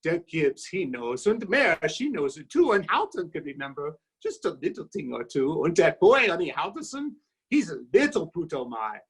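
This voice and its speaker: A man's voice: fairly high pitch, very animated, moderate pace, a bit bright, slightly rough, exaggerated voice, rough recording. A man reciting a rhymed comic toast in a put-on German accent, voicing a jolly, homesick exile in a hearty, sing-song way. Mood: boisterous.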